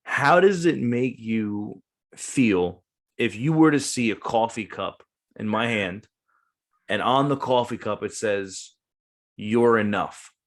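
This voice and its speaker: A man hosting a podcast who asks his guest questions and reasons through his own opinions out loud. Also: fairly low pitch, slow pace. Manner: thinks out loud, lots of "like" fillers. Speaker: podcast host. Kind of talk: casual conversational interview.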